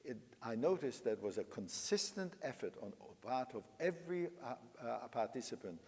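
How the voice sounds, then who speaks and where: A man's voice: medium pitch, big pitch swings, normal speed, a little mellow. An older man teaching a piano master class. He sings phrases aloud and coaches his student with emphatic, coaxing instructions. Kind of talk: coaching a young pianist. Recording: large hall with long reverb, piano playing.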